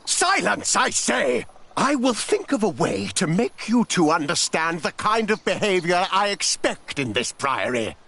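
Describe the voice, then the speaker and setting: An actor playing a stern, indignant male sub-prior of a priory in a game, with a gravelly, breathy scolding voice. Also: high voice, big pitch swings, moderate pace, hardly any pauses, a bit bright, full character voice. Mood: outraged. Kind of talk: game voice acting.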